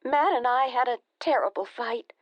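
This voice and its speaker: A woman narrator voicing an anxious young married woman, hushed and strained, close to tears. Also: on the high side, moderate pace, no echo, lo-fi sound, pitched above the performer's own voice, close to an everyday voice. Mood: upset.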